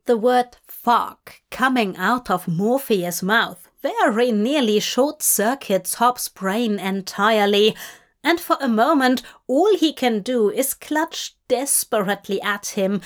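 A woman reading a fanfic aloud as audiobook narration, in a measured, intimate way. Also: a little high, lively intonation. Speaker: fanfic reader.

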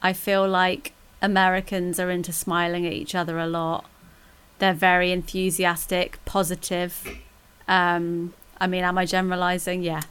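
A woman's voice: lowish voice, completely flat delivery, normal speed, fairly bright tone, clean tone. A young English woman chatting casually on a podcast, joking as she lays out plans. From England. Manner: playful, jokey storytelling. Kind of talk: casual chat.

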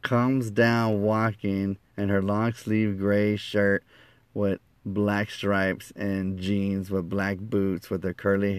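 A man with a fairly low voice tells a personal story with lively energy, acting out each quoted line. The sound is dry and close, with no room around it. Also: clean tone, dry recording. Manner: lively, acts out quoted lines, laughs at himself.

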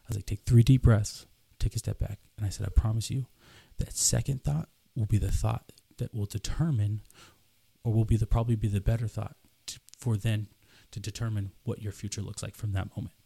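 A young man in his twenties tells a story in a low, gravelly voice with a husky edge and a dark, mellow tone. He talks earnestly and casually, repeats words and acts out both sides of a conversation. The sound is close and dry. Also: fairly even intonation, brisk, no room sound. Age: 20s. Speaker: podcast host.

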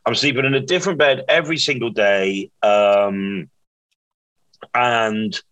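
A man's voice: mid-range voice, unhurried, a bit bright, dry recording, rough recording. Bristolian man, weary podcast host, self-deprecating, dry close sound. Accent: Bristolian English. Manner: chatty, self-mocking, with many fillers. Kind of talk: casual comedy podcast chat. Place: hotel room.

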